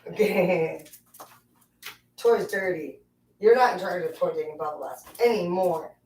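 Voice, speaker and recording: A woman's voice: on the low side, unhurried, a little mellow, a little hiss or hum. A woman vlogger chatting casually at home, talking playfully to her pets and swearing freely. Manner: playful, profane, talks to her pets in a singsong voice. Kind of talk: casual chat to her dogs. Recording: echoey room, distant mic.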